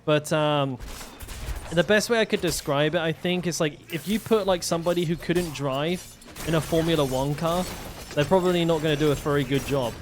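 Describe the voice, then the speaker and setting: A man's voice: a little high, normal speed, soft background music. A young man streaming a game, telling stories in a rambling way, swearing freely with lots of fillers and restarts. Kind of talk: casual storytelling while gaming.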